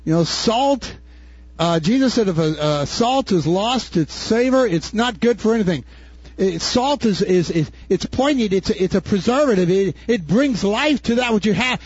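Husky older man preaching with fervor. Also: high voice, expressive, normal speed, dry recording. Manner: impassioned, rising to shouts, folksy asides. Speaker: pastor. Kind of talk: sermon. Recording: dull dry recording.

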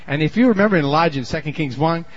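A man's voice: lively intonation, racing. Folksy preacher man, lo-fi sound. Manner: folksy storytelling, swinging from low asides to shouted emphasis. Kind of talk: sermon.

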